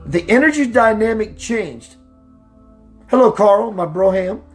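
A man hosting a spiritual talk radio show, preaching emphatically, slowing down for emphasis and greeting listeners by name. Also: lively intonation, faint music behind. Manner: slows down for emphasis, voice dips low and quiet.

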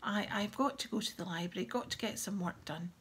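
A woman's voice: medium pitch, brisk, slight background noise, lightly acted. A woman reading a downcast teenage boy. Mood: subdued. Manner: flat, subdued.

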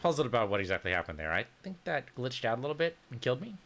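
A man's voice: medium pitch, sing-song, racing, fairly bright tone, a little hiss or hum. A man casually commenting on his own gameplay, thinking aloud and muttering to himself as he plays. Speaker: let's play gamer.

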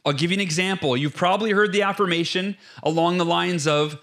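Male interview guest, high voice, punchy motivational delivery, step-by-step. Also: expressive, brisk, fairly bright tone. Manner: emphatic, acts out inner voices; lays out numbered steps. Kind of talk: energetic motivational explanation.

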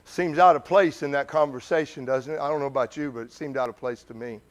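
Preaching to his flock, this man keeps it conversational and full of questions, alternating between urgent, loud bursts and hushed side remarks. He has a medium-pitched voice and talks fast.

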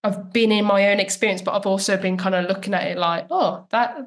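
A woman's voice: medium pitch, flat delivery, fast talker. A woman talking about her career as a guest on a casual podcast interview, chatty and reflective and full of "like" fillers. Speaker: guest, professional footballer.

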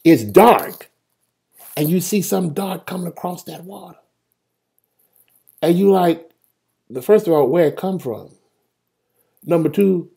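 Guy preaching on a livestream, swoops all over in pitch, jokes around, calls out viewers by name. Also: a little slow, gravelly, long pauses, husky. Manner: lively, joking, colloquial storytelling; talks straight to listeners by name. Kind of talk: livestreamed sermon talking to online viewers.

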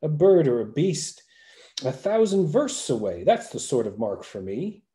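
A man's voice: fairly high pitch, very animated, a little slow, warm tone, echoey room. A man voicing a boastful marksman who aims at targets far out of sight.

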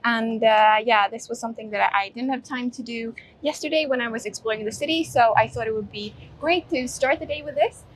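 A woman narrating a casual travel vlog while walking around a city, relaxed, with plenty of ums and uhs. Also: a little high, brisk, hardly any pauses, slightly rough. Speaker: travel vlogger. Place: outdoors in a city.

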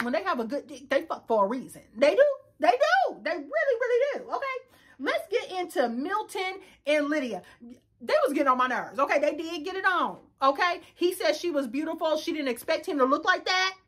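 A woman in her thirties recapping a reality dating show in a sassy, loud, casual way, switching speeds and pitch often. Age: 30s.

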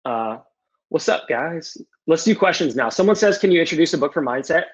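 A young man answering audience questions casually on a video call, loose and animated, with some swearing. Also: a little high, brisk, breathy edge. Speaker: guest speaker. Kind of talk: casual Q&A on a webinar. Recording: muffled lo-fi video call audio.

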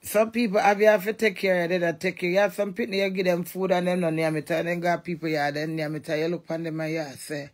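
A woman's voice: on the low side, little pitch movement, fast talker, few pauses. A woman with a Jamaican accent, ranting and cussing defiantly in a monologue to camera. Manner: loud, cussing, defiant rant. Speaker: vlogger.

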